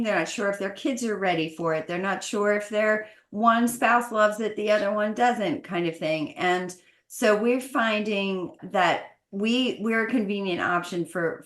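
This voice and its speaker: A woman's voice: mid-range voice, a bit bright. An American woman, a guest talking casually and at length, full of fillers and laughs. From United States. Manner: talkative, many fillers, laughs often. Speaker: guest, glamping business owner. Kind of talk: casual interview. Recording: roomy echo.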